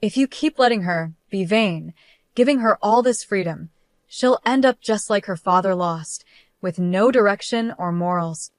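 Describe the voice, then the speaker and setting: A woman voicing a stern older mother-in-law who speaks calmly, coldly and with a superior tone. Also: mid-range voice, normal speed, no room sound, natural voice. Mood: cold, scolding. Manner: calm, cold, superior.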